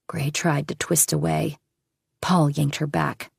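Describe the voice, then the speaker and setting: A woman narrating an audiobook in a measured, steady storytelling manner. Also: low-pitched, creaky, breathy edge, no room sound, studio quality. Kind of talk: scripted narration.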